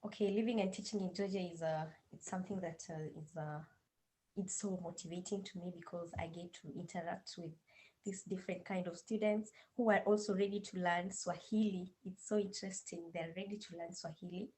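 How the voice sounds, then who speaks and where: A woman with a Kenyan accent talks in a casual interview over a video call. Her voice sits fairly low, and she speaks hesitantly with frequent fillers and restarts. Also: fairly even intonation, fairly quick, warm tone, poor audio. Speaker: guest language teaching assistant.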